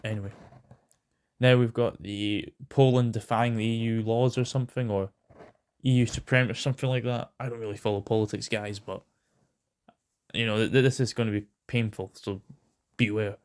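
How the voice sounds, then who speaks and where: A man's voice: lowish voice, fairly even intonation, normal speed, darkish tone. A British man hosting a casual news rant. He rambles, swears a lot and fills his talk with ums and hesitations. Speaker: host.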